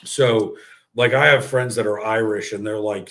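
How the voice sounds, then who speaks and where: New guy, thirties, podcast host, swears a lot, animated storyteller. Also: on the low side, normal speed, gravelly. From New York. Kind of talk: casual chat.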